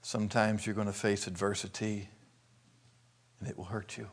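A man's voice: fairly low pitch, level tone, normal speed. Man, older, from Arkansas, preacher, folksy storyteller, acts out scenes. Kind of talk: sermon storytelling.

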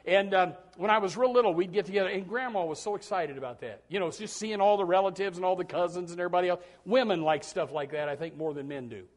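A man preaches a sermon to his congregation. He rambles in a homespun, folksy way, then his voice climbs and bursts into loud, emphatic shouts. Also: high voice, fast, hardly any pauses. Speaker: pastor.

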